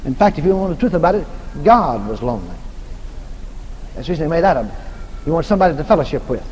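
A man's voice: a little high, sing-song, quick pace, a little mellow. Brief: folksy, humorous male preacher, repetitive delivery, faint background noise. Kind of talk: sermon. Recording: echoey hall, faint noise.

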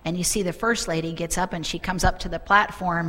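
A middle-aged woman preaching a sermon, telling a story with fervent, animated delivery. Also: fairly low pitch, a little fast, hardly any pauses, big-room sound.

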